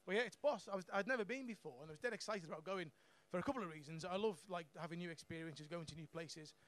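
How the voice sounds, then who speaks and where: Man, young adult, high voice, stand-up comedian, brash, sweary, laughs at own jokes. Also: fast talker, fairly bright tone. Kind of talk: stand-up set. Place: comedy club stage.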